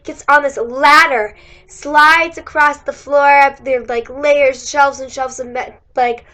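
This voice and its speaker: A woman's voice: high-pitched, fairly even intonation, slow, sharp tone. A young woman, a college student, telling a chatty, giggly story about her day while losing her voice. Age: young adult. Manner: chatty, giggly, many likes and acted-out quotes. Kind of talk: casual storytelling chat. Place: indoors.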